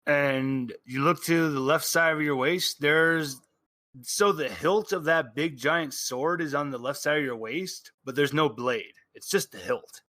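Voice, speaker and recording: Bright-voiced man running a tabletop game. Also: on the high side, no echo. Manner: halting, restarts mid-sentence while describing scenes. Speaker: game master.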